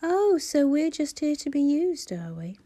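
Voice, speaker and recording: A blunt, bantering grown man, put on by a woman reading a novel aloud. He teases his friend with loud, emphatic lines. The tone stays mellow underneath. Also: very high-pitched, big pitch swings, a little slow, pitched above the performer's own voice, exaggerated voice. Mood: teasing.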